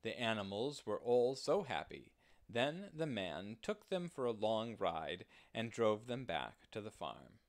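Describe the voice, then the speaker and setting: A man reading a children's picture book aloud slowly and gently, with expressive phrasing. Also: on the low side. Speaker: storyteller. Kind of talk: children's storybook read-aloud.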